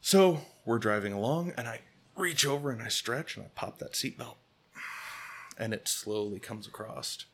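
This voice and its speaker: A man's voice: mid-range voice, expressive, moderate pace, a bit bright, husky. A man telling a comic personal story as podcast host, acting out quotes, swearing and laughing often.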